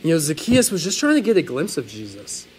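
A man preaching a sermon in an earnest, animated way, swelling and dropping his voice. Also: fairly high pitch, brisk, husky, poor audio. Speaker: pastor.

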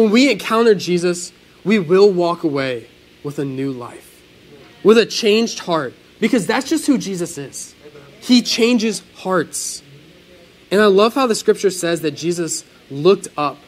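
Animated, high-voiced man preaching. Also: unhurried, poor audio. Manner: animated, earnest preaching with sudden swells and drops. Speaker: pastor. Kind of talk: sermon.

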